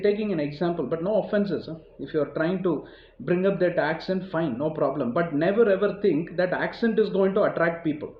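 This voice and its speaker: A man's voice: a little high, slight background noise. Rambling Indian man giving a motivational talk. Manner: rambling, conversational, heavy use of "you know" and repetition. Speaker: motivational speaker. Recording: roomy, dull lo-fi recording.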